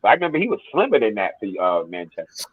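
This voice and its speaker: A man hosting a football watchalong, telling animated stories with plenty of swearing. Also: fairly low pitch, rapid-fire, breathy edge, no echo, phone-quality sound. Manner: animated storytelling, heavy swearing, acts out quotes. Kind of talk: casual watchalong chat.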